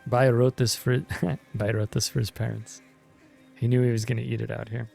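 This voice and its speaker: A man chatting casually over his gameplay, relaxed and talkative with plenty of offhand asides. His voice is mid-pitched with a noticeably gravelly fry. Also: normal speed, soft background music. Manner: laid-back, chatty, says dude and jeez. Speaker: let's play host.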